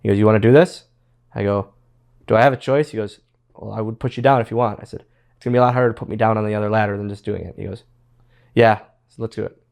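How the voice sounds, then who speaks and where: Gravelly-voiced man telling wrestling stories. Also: fairly low pitch, fairly even intonation, fast, long pauses, a little mellow. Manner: rambling, repeats words, quotes others in his stories. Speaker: interview guest, former pro wrestler. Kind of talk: casual storytelling interview.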